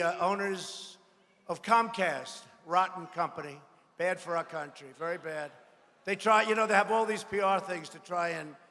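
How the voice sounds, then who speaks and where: Boastful man shouting at a rally. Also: high voice. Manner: boastful, mocking, repetitive phrasing; frequent shouted lines to a crowd. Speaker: politician addressing a rally. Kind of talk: campaign rally speech. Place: large rally venue. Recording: long reverb of a large venue.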